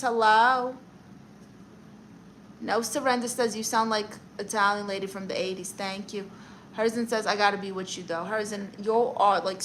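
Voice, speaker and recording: Casting: woman doing a vain, sassy self-styled therapist aunt for a comedy livestream. Bright, forceful tone and quick, boastful comebacks. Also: fairly high pitch, slight background noise, rough recording. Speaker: livestream comedian reading chat. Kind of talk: in-character livestream chat.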